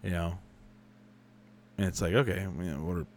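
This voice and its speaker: A man's voice: sits low, steady tone, normal speed, darkish tone, slight background noise. A young adult man chatting casually as a podcast host, answering listener questions with rambling, profane, self-correcting stories. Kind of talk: casual chat.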